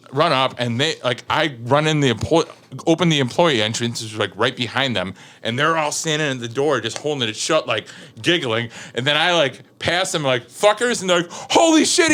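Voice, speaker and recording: A man's voice: a little high, normal speed, fairly bright tone. A man with a Chicago-area American accent, a firefighter guest telling a story in a casual chat, laughing often and filling his talk with fillers and acted-out quotes.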